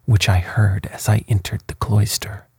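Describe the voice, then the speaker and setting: A man voicing a wrathful tyrant prince in a storybook reading, in a hushed, breathy, slow and even delivery. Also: fairly low pitch, no room sound. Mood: angry.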